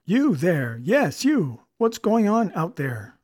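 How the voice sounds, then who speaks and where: Casting: man as a gruff, bossy city man, mutters then barks, dry sound. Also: medium pitch, lively intonation, normal speed, no room sound, natural voice. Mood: imperious. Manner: gruff, imperious. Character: grumpy imperious man in a city flophouse.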